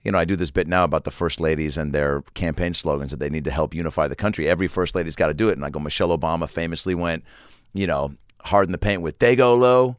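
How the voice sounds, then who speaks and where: A middle-aged man telling a story in casual chat as podcast host, slipping into quick voices of the people in it. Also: very deep voice, no room sound, clean studio sound. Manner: animated storyteller, does quick voices of people in his stories.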